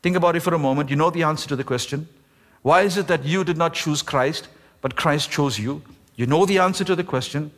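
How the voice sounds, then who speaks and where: A man, the pastor, preaching a sermon with emphasis, slowing down and stretching key words. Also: a little high, fairly bright tone. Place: church sanctuary. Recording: echoey church hall.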